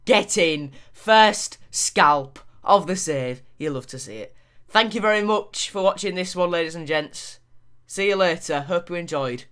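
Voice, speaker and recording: A man narrates a football video game match with lively commentary. He calls the plays quickly and sounds animated, in a casual gaming-channel way. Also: high voice, clear, resonant tone. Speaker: gaming YouTuber.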